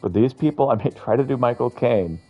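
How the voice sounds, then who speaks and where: A man's voice: mid-range voice, fairly quick. A man streaming a game playthrough, reading the characters' lines aloud in changing voices and accents. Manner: animated, switches into different voices and accents for each character. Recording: dull lo-fi stream audio with faint game music.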